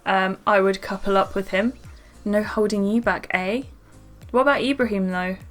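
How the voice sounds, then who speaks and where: A woman's voice: mid-range voice, fairly even intonation, moderate pace. Brief: upbeat young woman doing casual game commentary for viewers, faint background music. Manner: bubbly and chatty, talking to viewers. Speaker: gaming YouTuber. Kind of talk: casual let's-play commentary.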